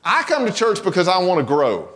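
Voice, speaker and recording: A man's voice: high-pitched, wildly swooping pitch, fairly quick, a bit bright, big-room sound. A man preaching a sermon in a church, talking in a conversational, folksy way and often restarting his words. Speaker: pastor. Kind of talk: sermon with a told joke. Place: church sanctuary.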